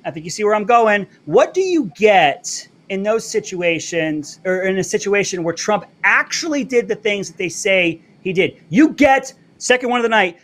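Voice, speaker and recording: A male political talk host on a live stream, with a high-pitched voice. He talks in a brash, sarcastic way, swears freely and pounds his points home through repetition. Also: fairly bright tone. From Latino background, living in Florida.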